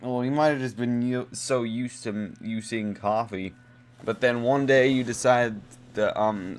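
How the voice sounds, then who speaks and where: A man's voice: mid-range voice, unhurried. A man reading out posts and reacting in disbelief, laughing and rambling with fillers in casual commentary.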